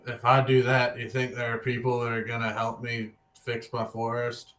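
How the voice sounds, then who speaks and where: A man's voice: medium pitch, completely flat delivery, normal speed, a bit bright, far from the mic. A man playing a tabletop game, talking casually and a bit hesitantly. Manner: hesitant, stammering. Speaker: player. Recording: echoey room, off-mic.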